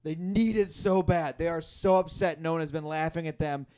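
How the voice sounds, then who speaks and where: A man's voice: fairly high pitch, moderate pace, dark tone, clean tone. A man hosting a live stand-up comedy show, rambling and self-deprecating, often laughing at his own jokes. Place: live comedy venue with audience.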